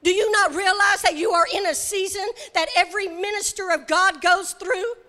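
Woman, sermon, very high pitch, hammering repetition, long hall reverb. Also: fairly even intonation, normal speed. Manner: emphatic, repetitive, rising to shouts. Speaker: preacher.

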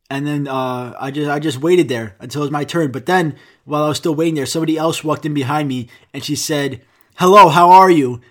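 A young American man talks straight to his viewers in a loose, rambling monologue. He swears freely and jokes at his own expense. His voice sits a little higher than most men's. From United States. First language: Greek. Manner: rambling, profane, self-mocking. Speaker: vlogger. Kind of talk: casual storytelling monologue.

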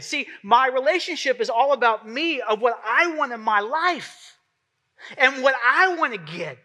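A male pastor delivers a sermon in a high, piercingly bright voice. He preaches conversationally rather than formally, slipping into the voices of the people he quotes. The tone stays sharp and forward throughout. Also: lively intonation, unhurried.

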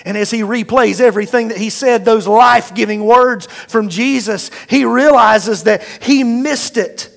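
High-voiced man preaching in a hall. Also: creaky. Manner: emphatic preaching with call-and-response. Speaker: pastor. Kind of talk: sermon.

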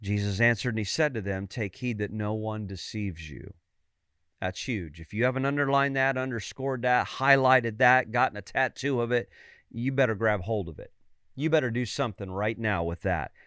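A male preacher delivering a fervent sermon, rising to loud, emphatic calls and asking listeners for amens. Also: lowish voice, normal speed, clean tone, no echo, studio quality.

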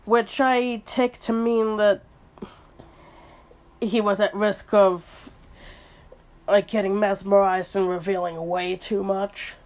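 A woman's voice: mid-range voice, flat delivery, takes it slowly, pauses often, darkish tone. Woman co-host, casual book chat, conversational, hedging with fillers. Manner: chatty, hedging with um and uh.

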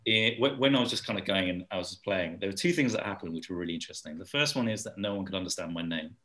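A young man from England in casual chat, telling animated anecdotes and now and then mimicking other people's voices. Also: deep voice, racing. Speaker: guest.

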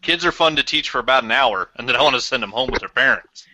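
A man's voice: mid-range voice, animated, quick pace, a crowd in the background, low-quality recording. A man chatting on a podcast, making dry, matter-of-fact quips. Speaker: podcast guest. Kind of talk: casual podcast chat.

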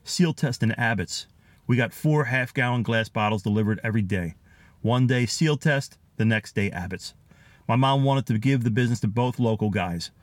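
A middle-aged podcast host with a Philadelphia accent, sharing old neighborhood memories in an easy, chatty way. He chuckles often and reads listener notes aloud. His voice sits at an ordinary pitch and is recorded close and dry. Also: moderate pace, dry recording. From Philadelphia area, USA. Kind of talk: casual storytelling, reading out listener comments.

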